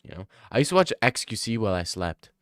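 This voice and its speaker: A man's voice: on the low side, big pitch swings, fast talker, a bit bright, dry recording. Young guy streaming, rambly jokey chat, swears a lot, dry close mic. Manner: joking, profane, rambling. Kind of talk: casual live-stream chat.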